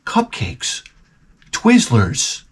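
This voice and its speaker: A middle-aged man rants in a rambling, profane, animated way, full of restarts. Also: medium pitch, extremely slow, husky. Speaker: vlogger. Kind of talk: profane comic rant.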